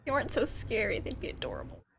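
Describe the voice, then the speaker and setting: A woman playing a tabletop role-playing game chats casually and playfully, often giggling. Her voice is high and swoops widely up and down. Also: wildly swooping pitch, quick pace, a bit bright, a little hiss or hum. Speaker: player.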